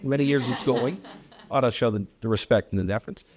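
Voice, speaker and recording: A man's voice: medium pitch, fast talker, background noise. A man moderating a public hearing who introduces speakers with light jokes. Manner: joking, informal. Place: hearing room.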